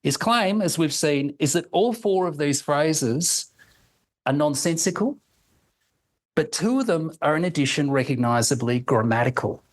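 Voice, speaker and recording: A man reading a prepared academic lecture in a measured, deliberate way, slowing to sound out example phrases. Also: fairly high pitch, lively intonation, rough recording.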